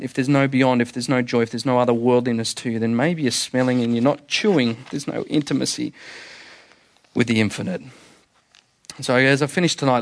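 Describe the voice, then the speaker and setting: A young man preaching from the pulpit, earnest and emphatic. He repeats key phrases and lifts his voice sharply on the big points. His voice sits a little above average for a man. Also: on the high side. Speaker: pastor. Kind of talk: sermon.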